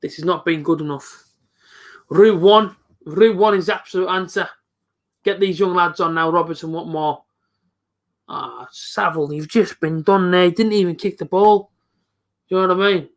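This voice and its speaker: Excitable high-voiced young male football fan. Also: normal speed, long pauses. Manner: excitable, chatty, talks to live viewers. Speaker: fan streamer reacting to a football match. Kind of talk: live football reaction commentary.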